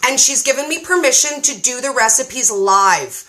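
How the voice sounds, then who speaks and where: A woman chatting casually as a guest, an excitable and animated storyteller. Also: high voice, moderate pace. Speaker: guest cookbook reviewer and keto creator. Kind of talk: casual chat.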